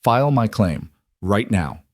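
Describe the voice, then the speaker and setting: A man's voice: on the low side, sing-song, a little slow, no room sound, clean studio sound. A man voicing a determined young frontier woman who speaks firmly and sharply in an audiobook. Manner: firm, clipped and hard. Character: determined young woman reclaiming her inheritance.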